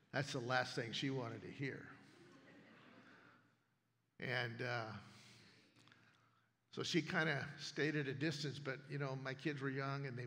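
A man's voice: mid-range voice, vocal fry, fairly bright tone. A man preaching a sermon, telling stories and acting out other people's lines. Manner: storytelling, acts out neighbors' lines. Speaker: pastor. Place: church sanctuary. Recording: long reverb of a church hall.

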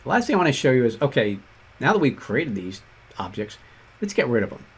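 A man with a Boston accent explaining code step by step in a relaxed tutorial. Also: medium pitch, brisk, breathy edge. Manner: relaxed explanatory walkthrough with fillers and asides. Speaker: instructor. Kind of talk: screen-share coding tutorial.

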